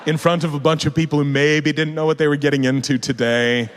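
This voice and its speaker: A man, an author and guest speaker, telling a funny story to a live audience in a large hall, lively and laughing as he swears. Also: fairly high pitch, fairly quick, hardly any pauses. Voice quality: animated, lively delivery with frequent laughs and swearing.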